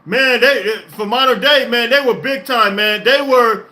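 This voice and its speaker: An excited man hosting a sports reaction stream, talking emphatically, repeating himself and laughing often. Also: extremely high pitch, moderate pace. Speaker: podcast host. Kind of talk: live-stream sports reaction, reading chat.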